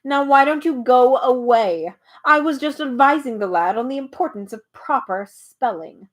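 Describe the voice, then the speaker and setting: A woman doing a snippy, excitable spelling bee. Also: sits high, normal speed. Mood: sneering. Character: fussy, sneering male spelling bee.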